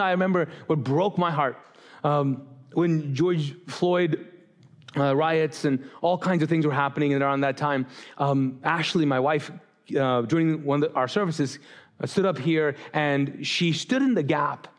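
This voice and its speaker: A man preaching a sermon as pastor, talking directly to the congregation, often restarting his sentences and acting out the voices of people he quotes. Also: fairly high pitch. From grew up Muslim. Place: church stage.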